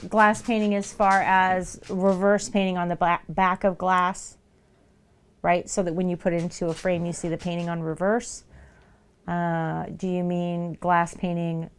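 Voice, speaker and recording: Slow-talking woman streamer chatting. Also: on the low side, clean tone. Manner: chatty and rambling, with lots of "like" and "um". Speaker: streamer painting live. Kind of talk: casual chat. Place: at home with pets nearby.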